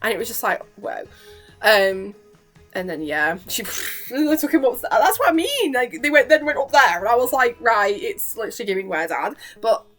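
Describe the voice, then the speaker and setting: Giggly young woman, animated. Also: a little high, normal speed, soft background music. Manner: chatty and giggly, full of fillers like "like". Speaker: vlogger. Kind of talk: casual chat reacting to a cartoon episode.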